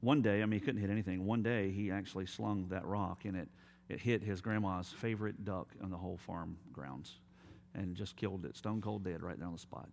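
A man preaching a sermon as pastor, telling stories and dropping to quiet, emphatic appeals. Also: low-pitched, steady tone, fairly quick, creaky, a little hiss or hum.

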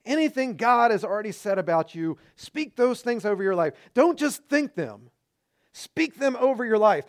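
Male pastor, high voice, earnest exhorting sermon delivery with punchy repeated lines. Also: big pitch swings, measured pace.

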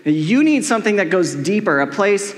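Middle-aged male pastor, high voice, chatty and joking sermon, echoey hall. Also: sing-song, normal speed. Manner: casual, joking, heavy use of "like". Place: church hall with long reverb. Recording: echoey church hall with long reverb.

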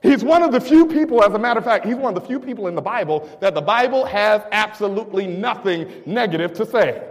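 A man preaching a sermon in a church, with stammering restarts and call-and-response, rising to shouts. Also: high voice, animated, fast. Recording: long reverb of a church hall.

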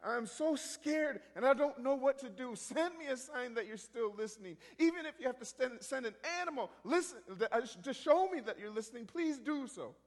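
Man doing a distraught young woman, pleading prayer, tearful, raised pitch, long reverb. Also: animated, fairly quick, few pauses, full character voice. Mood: desperate prayer.

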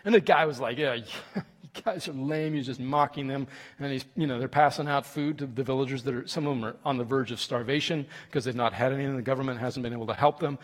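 A man preaching a sermon with stories, animated and emphatic, with fillers and restarts. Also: mid-range voice, fast. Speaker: visiting preacher from a mission group. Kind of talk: sermon with storytelling. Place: church sanctuary. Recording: long reverb of a large room.

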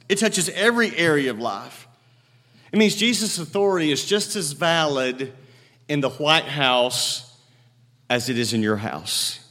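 A man preaching a sermon from the pulpit, emphatic, moving between loud declarations and quiet storytelling. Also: on the high side. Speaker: pastor. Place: church sanctuary. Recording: long hall reverb.

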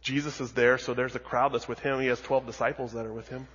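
A husky-voiced male pastor preaching in a church, repeating phrases for emphasis and swinging from near-whispers to loud calls. His voice carries a long hall reverb. The audio is somewhat dull. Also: medium pitch, flat delivery, fast talker. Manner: dramatic storytelling with heavy repetition, swinging from hushed to loud. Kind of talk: sermon.

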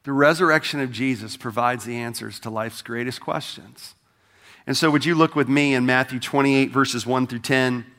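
A man's voice: mid-range voice, moderate pace, a bit bright. A pastor preaching an Easter sermon to his congregation in a conversational, emphatic way, speaking straight to them. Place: church service.

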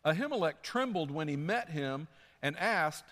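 High-voiced pastor preaching in a hall. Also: male voice, normal speed. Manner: animated storytelling with acted-out quotes. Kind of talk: sermon. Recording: long hall reverb.

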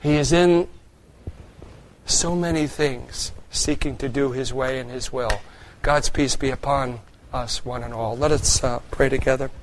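A man preaching a sermon as a pastor, earnest, moving between raised passages and quiet, hushed ones. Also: mid-range voice, steady tone, unhurried, slight background noise.

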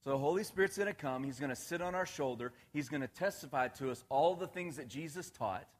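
A man preaching a relaxed, conversational sermon, often checking in with his listeners and laughing at his own jokes. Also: mid-range voice. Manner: casual, asks the congregation questions, laughs at his own jokes.

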